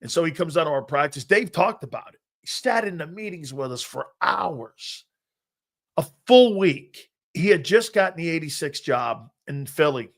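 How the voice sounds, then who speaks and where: A middle-aged man hosting a sports talk show, telling loud, brash stories and acting out what coaches said. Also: on the high side, expressive, moderate pace. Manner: loud, brash storyteller who acts out quotes. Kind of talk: casual sports talk, storytelling.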